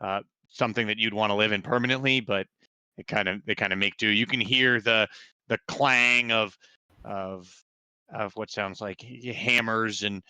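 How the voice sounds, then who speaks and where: A man narrating a tabletop game as game master, halting with many fillers. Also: lowish voice, fairly even intonation, bright, forceful tone, smooth, no room sound.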